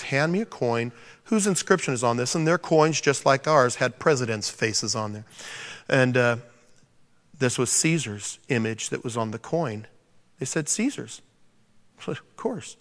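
A man preaching a sermon to a congregation, animated and joking, acting out the scripture quotes. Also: medium pitch. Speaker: pastor. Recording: long reverb of a large hall.

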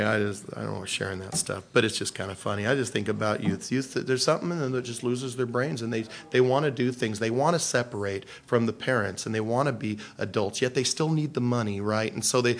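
A man's voice: medium pitch, fairly quick, hardly any pauses. A middle-aged man preaching a sermon in a folksy storytelling way, often laughing at his own stories. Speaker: pastor.

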